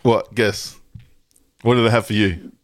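A man's voice: fairly low pitch, little pitch movement, measured pace, dry recording, studio quality. Man, crude laughing podcast host. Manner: laughs often, crude jokes. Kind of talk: casual crude podcast banter.

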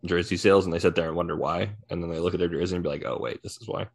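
Podcast co-host, man, very deep gravelly voice, blunt. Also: fairly even intonation, rapid-fire. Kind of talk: casual chat.

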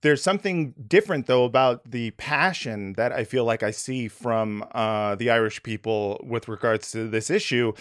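A man's voice: medium pitch, normal speed, few pauses, fairly bright tone, smooth. A man hosting a podcast in casual conversation, rambling with many fillers and laughing easily. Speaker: podcast host.

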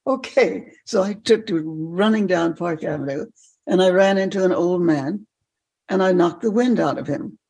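An older woman, a podcast guest, telling animated stories and laughing often. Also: lowish voice, moderate pace. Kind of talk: storytelling in a podcast interview.

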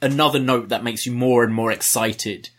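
A man's voice: medium pitch, steady tone, moderate pace. A man co-hosting a wrestling review podcast, chatting casually and wryly critiquing the show with jokes. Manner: critical, joking, wry.

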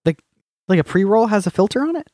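Podcast co-host, male, lively pitch that swings up high, swears a lot, dry close mic. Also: fast talker, no room sound. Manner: animated, swears freely, acts out movie scenes in silly voices. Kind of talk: casual chat.

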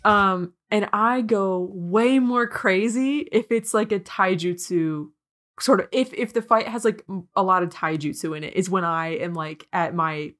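Excitable swearing woman podcaster. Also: medium pitch, unhurried. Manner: excitable, swears freely, laughs often. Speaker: podcast co-host. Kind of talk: casual chat.

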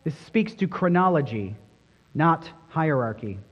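A man with a high voice preaches to his congregation, earnest and emphatic, leaning on each key word. His voice rings out with a long hall reverb, and the sound is dull and muffled. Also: big pitch swings, measured pace. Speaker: pastor. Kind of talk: sermon.

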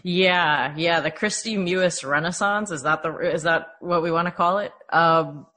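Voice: mid-range voice, moderate pace, pushed and bright. A panelist on a casual sports podcast, speaking with enthusiasm and light joking.

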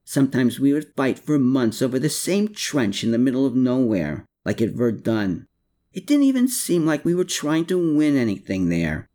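A man's voice: mid-range voice, big pitch swings, moderate pace, warm tone, close to an everyday voice. A man reading an audiobook voices a shaken young war veteran who speaks earnestly and pleadingly. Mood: haunted, earnest. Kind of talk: audiobook character voice.

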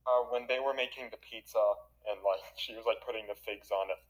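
A man's voice: on the low side, fairly quick, poor audio. A man hosting a podcast, chatting casually and wryly picking apart movies. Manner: chatty, wry, critical movie banter. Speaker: podcast host.

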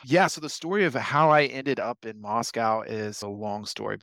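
A man's voice: medium pitch, fairly even intonation, normal speed, fairly bright tone, no room sound, poor audio. A young American man, an interview guest, telling his story in an easygoing, enthusiastic, rambling way. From United States. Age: young adult.

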